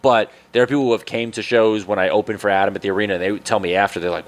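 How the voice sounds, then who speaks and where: A man who is a comedian guest, talking in casual chat, hesitant and soft-spoken, with many fillers. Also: lowish voice, fairly even intonation, quick pace.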